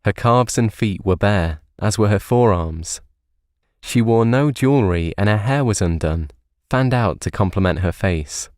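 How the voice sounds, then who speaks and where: A man calmly narrating an audio story in a measured way. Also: on the low side, no room sound, studio quality.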